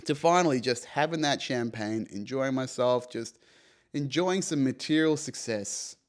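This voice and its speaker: A man in his young adult years talks through a personal story on his podcast, loose and animated. He swears freely and leans on "you know" and "right?" as he goes. His voice sits at an ordinary middle pitch. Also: a little slow. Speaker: podcast host. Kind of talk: casual storytelling monologue.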